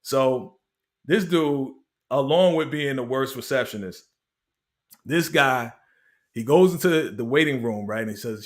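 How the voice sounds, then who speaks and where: A man hosting a casual TV recap, who tells the story in an animated way, acts out what the characters say and laughs often. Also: medium pitch, unhurried. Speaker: YouTube TV recap host.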